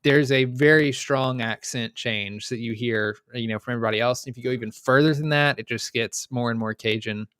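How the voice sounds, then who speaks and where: A man chats in an easygoing way, stringing thoughts together with "like" and small restarts. His voice is smooth and clear. The mic is close and dry. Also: mid-range voice, a little fast, few pauses, fairly bright tone, dry recording. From Louisiana, USA. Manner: easygoing, talks in loose run-on sentences with many "like"s. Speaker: podcast co-host. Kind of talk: casual chat.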